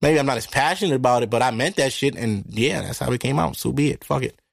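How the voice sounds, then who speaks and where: A man hosting a podcast, talking through a casual monologue into a microphone in a blunt, profane, animated way. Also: medium pitch, quick pace, gravelly, dry recording, clean studio sound. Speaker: podcast host. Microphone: studio microphone.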